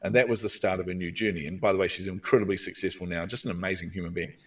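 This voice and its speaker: A man's voice: low-pitched, racing, breathy edge, recorded from a distance. A man with a New Zealand accent, a guest coach telling stories earnestly in a podcast interview. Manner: earnest, animated storyteller.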